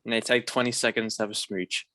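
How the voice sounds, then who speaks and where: Young male co-host, bright sharp voice, dry close sound, emphatic. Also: on the low side, level tone, quick pace, no room sound. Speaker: podcast co-host. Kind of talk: casual podcast chat.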